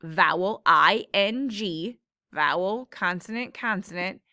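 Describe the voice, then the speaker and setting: A woman's voice: mid-range voice, expressive, sharp tone, no room sound, studio quality. A woman teacher patiently explaining syllable patterns in a classroom phonics lesson. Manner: slow, patient explaining with drawn-out words.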